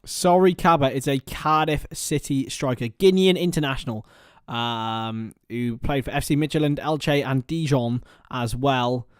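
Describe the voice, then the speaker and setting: A young man hosting a casual live stream, chatting with viewers by name and bursting into excited shouts. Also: medium pitch, unhurried, smooth, no room sound, studio quality. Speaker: livestream host.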